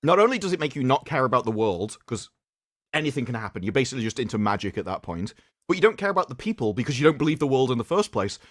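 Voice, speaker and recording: Male co-host, mid pitch, loose rambling delivery, laughs easily, dry sound. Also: sing-song, racing, no echo. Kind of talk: casual livestream chat.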